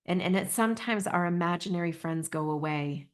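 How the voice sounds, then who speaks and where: A middle-aged woman hosting a podcast, talking in a gentle, earnest way with frequent restarts. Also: fairly low pitch, fairly quick. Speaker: podcast host, intuition teacher. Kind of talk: podcast talk.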